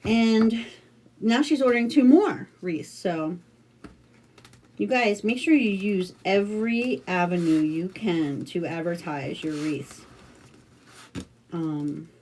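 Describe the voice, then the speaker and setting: A middle-aged American woman chats through a craft livestream in a relaxed, rambling way, full of fillers and restarts. Her voice is mellow and soft-edged. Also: medium pitch, slow, long pauses, husky. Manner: chatty, rambling storytelling with many fillers. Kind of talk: casual livestream chat.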